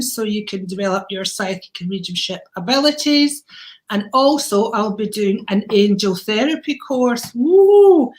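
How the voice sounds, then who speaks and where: A woman hosting a casual livestream chat about mediumship, effusive and enthusiastic as she greets viewers by name. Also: medium pitch. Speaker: host, mediumship teacher.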